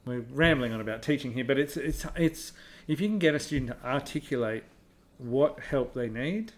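A man's voice: mid-range voice, moderate pace. A middle-aged man, an English teacher chatting casually and rambling through stories. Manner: rambling, animated when retelling conversations. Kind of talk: casual chat.

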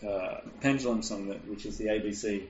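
A man's voice: on the low side, brisk, slight background noise. A man in casual chat, blunt and swearing freely. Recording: roomy, dull lo-fi sound.

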